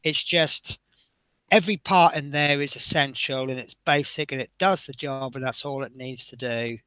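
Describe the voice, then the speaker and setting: A man's voice: medium pitch, normal speed, pushed and bright, clear, resonant tone, no echo. A man chatting casually as he builds a scale model, rambling and often breaking off mid-sentence. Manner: chatty, rambling, self-interrupting.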